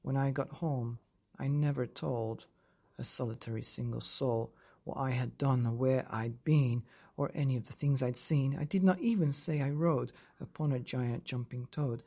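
A podcast host reading a rhyming storybook aloud at bedtime, with a lively, rhythmic delivery. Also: medium pitch, moderate pace, slightly rough.

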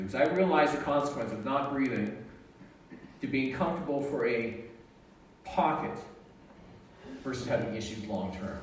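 A man telling a personal story to an audience in a lively, joking way, acting out what he and others said. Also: medium pitch, a little hiss or hum. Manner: animated, jokey, quotes himself and others. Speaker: speaker sharing a personal story. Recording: echoey room, mic at a distance.

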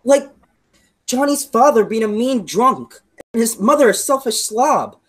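Teen girl as a greaser boy, sensitive, quick-tempered, earnest, video call. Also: a little high, lively intonation. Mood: brooding. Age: teens. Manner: earnest, bursting into outbursts. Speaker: student actor. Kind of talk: school play read over a video call.

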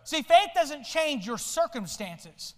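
Man, pastor, high voice, long church reverb, sermon, soft asides and shouted peaks. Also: big pitch swings, slow pace. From United States. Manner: swings between soft low asides and loud shouted lines. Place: church sanctuary.

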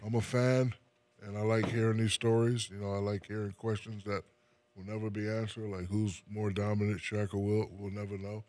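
A New Jersey man in his forties, with a very deep, low voice, chats loosely and unhurriedly as an interview guest. He's relaxed and often restarts sentences by repeating his first words before carrying on.

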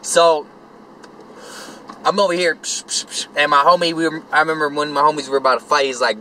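A man's voice: fairly high pitch, fairly quick, pushed and bright, a little hiss or hum, poor audio. A young man vlogging, telling a rambling story to camera in profane street slang.

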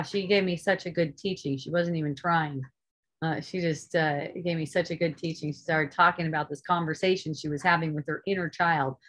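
This lowish-voiced woman gives an earnest spiritual talk to an online group, raising her volume to drive points home and then lowering it for quiet asides. Casual swearing peppers her speech.

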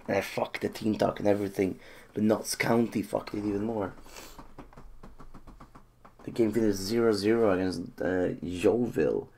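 A man's voice: on the low side, steady tone, moderate pace, creaky, long pauses, dark tone, slight background noise. A man commentating his own football management game, nervous and muttering one moment, cheering the next. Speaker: gaming YouTuber.

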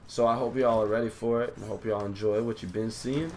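A man's voice: fairly low pitch, fairly even intonation, fast talker, slight background noise. Hyped young man doing game commentary. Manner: hyped slangy banter, loud outbursts. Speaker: gaming YouTuber. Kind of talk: live gameplay commentary.

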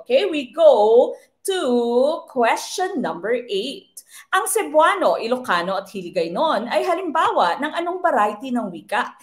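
A young adult woman with a Filipino accent teaches a live online exam review, switching between English and Tagalog and adding polite "po". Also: fairly high pitch.

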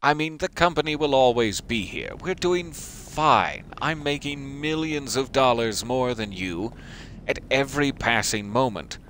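Smug rich boss guy talking down to his staff, pitched up, loud and fake-nice, a man putting it on. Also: lively intonation, measured pace, slight background noise. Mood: condescending. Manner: mock-generous, condescending.

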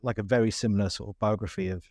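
A man's voice: lowish voice, steady tone, racing, a little mellow, no echo, clean studio sound. A man hosting a podcast, asking loose, encouraging questions in a casual chat. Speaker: podcast host.

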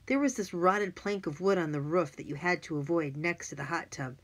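A woman narrating a children's audiobook in an expressive, lively way. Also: fairly low pitch, fairly quick. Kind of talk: scripted narration.

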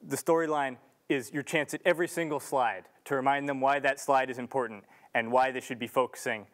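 A man's voice: mid-range voice, steady tone, a little fast, a bit bright. A young man giving an earnest, casual talk to an audience in a large lecture room, with restarts and filler ums. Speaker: student speaker.

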